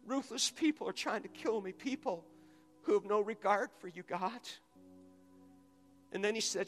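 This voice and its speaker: A man's voice: high voice, moderate pace, pauses often, a bit bright, in a large hall, soft background music. A man preaching a sermon in a large auditorium, urging the congregation to respond aloud. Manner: preaching with rising intensity, calling on the audience. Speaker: pastor.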